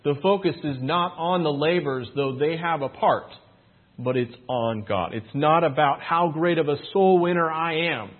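A man's voice: on the high side, normal speed. A man preaching a sermon, earnest and emphatic, asking his listeners rhetorical questions and reading Scripture aloud. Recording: tinny phone-like sound.

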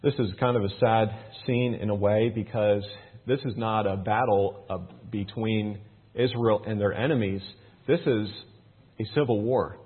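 A man teaching a Bible passage, reading the verses aloud with lifted emphasis, then explaining them in a relaxed, folksy way with plenty of fillers. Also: on the low side, moderate pace, husky. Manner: reads scripture louder and more raised, explains in a relaxed folksy way with fillers. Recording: tinny phone-like sound.

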